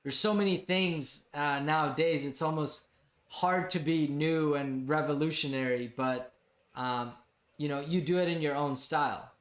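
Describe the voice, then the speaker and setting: A man's voice: a little high, unhurried. Man chatting in an echoey room. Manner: loose, filler-heavy, agreeable. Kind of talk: casual chat.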